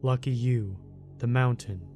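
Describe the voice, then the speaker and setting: A man voicing a huge, rough mountain man who guards the wild, speaking in a deep rumbling voice, laconic and serious, in a spoken story. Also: steady tone, a little slow, a little mellow, soft background music, lightly acted. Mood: gruff calm.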